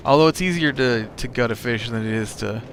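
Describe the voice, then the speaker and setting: A man's voice: medium pitch, a little fast, fairly bright tone, a little hiss or hum. A man hosting a let's play, telling a rambling story full of uhs and restarts with a wry edge while he plays. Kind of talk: casual storytelling while playing a game.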